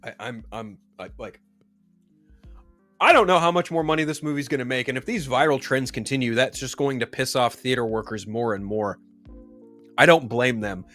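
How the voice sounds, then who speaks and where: A man's voice: medium pitch, normal speed, fairly bright tone, faint music behind. A man hosting a commentary show, ranting heatedly and swearing often.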